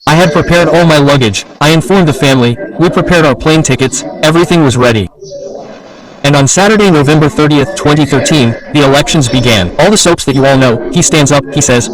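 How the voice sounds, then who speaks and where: A man's voice: a little high, a little fast, poor audio. A man giving an impassioned public political speech, insistent and full of rhetorical questions. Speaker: political speaker. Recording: speech over crowd noise.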